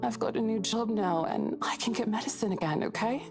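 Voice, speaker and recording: A gentle, ailing young mother soothes her child in a game. She speaks softly with a put-on British accent over clear game music. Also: a little high, brisk. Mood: soothing. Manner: soft, soothing, comforting.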